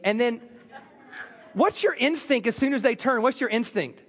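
A man's voice: extremely high pitch, normal speed. A man preaching a sermon as pastor, telling stories with joking asides. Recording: long reverb of a large hall.

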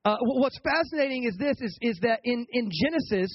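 This pastor's sermon comes in a very high voice with lively intonation and a fairly quick pace. The recording is dry and lo-fi. He speaks casually and colloquially, frequently starting his phrases over and calling on the congregation to answer him.

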